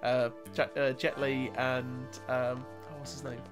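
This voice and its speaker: A man's voice: mid-range voice, flat delivery, measured pace, music in the background. A man chatting on a gaming livestream, rambling with fillers and hesitations and laughing now and then. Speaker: co-player guest. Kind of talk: casual gaming stream chat.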